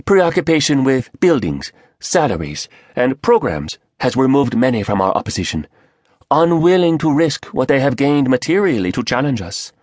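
A man voicing a male conspirator with a Korean accent, talking in a rapid-fire manner. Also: medium pitch, big pitch swings, darkish tone, no room sound, clean studio sound, pitched above the performer's own voice. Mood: brisk.

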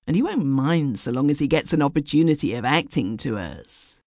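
A woman reads as an easygoing male friend in an old storybook tale. He is amused and offhand, his voice animated, recorded close and dry. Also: deep voice, fairly quick, no echo.

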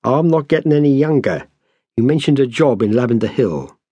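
A blunt, menacing burglar as a man puts him on, clipped and plain-spoken, pitched a bit above the reader's own voice. Recorded dry and close. A storybook heavy with no patience. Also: animated, brisk, mellow, breathy edge, no room sound, highs cut off. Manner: blunt, clipped street talk.

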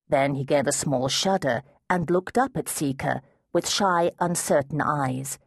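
A woman narrating an unabridged fantasy audiobook in a measured, steady way. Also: sits low, husky, no echo, clean studio sound. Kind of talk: scripted narration.

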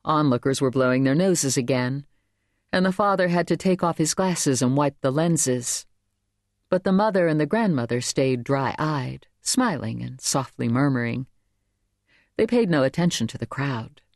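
A woman narrates a contemporary novel in a lively, rising-and-falling voice. She reads with a close mic in a dry, dead studio, shifting her pitch for the characters' lines. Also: moderate pace, no room sound. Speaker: audiobook narrator. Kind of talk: scripted narration.

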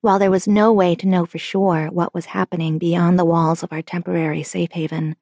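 A woman narrating a young-adult novel in the first person, with measured, earnest storytelling. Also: lowish voice, dark tone, no room sound. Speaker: audiobook narrator.

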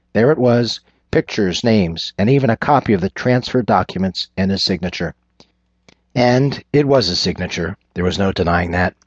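A man narrating a thriller audiobook in a measured, descriptive way. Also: deep voice, slightly rough, no echo. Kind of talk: scripted narration. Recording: dull lo-fi recording.

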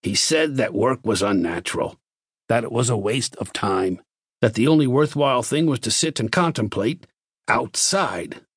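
A man's voice: mid-range voice, normal speed, slightly rough, dry recording, clean studio sound, lightly acted. A man doing a gloomy, baffled base commander. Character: gloomy good-natured base commander, middle-aged man.

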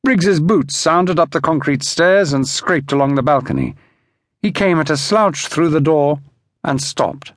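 A man narrating an audiobook in a measured, expressive storytelling manner. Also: fairly high pitch, no echo, studio quality.

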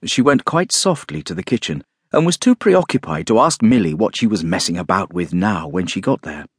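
Male audiobook narrator, expressive and lively in pitch, low husky tone. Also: dry recording, clean studio sound. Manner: expressive, measured storytelling. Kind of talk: scripted narration of a classic novel.

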